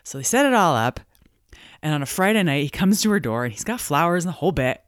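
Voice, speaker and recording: A woman from Montana hosting a solo podcast, telling stories in an animated way and acting out voices of the people in them. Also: low-pitched, fast, no echo, clean studio sound. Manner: animated storytelling, acts out quoted voices. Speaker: podcast host and business coach.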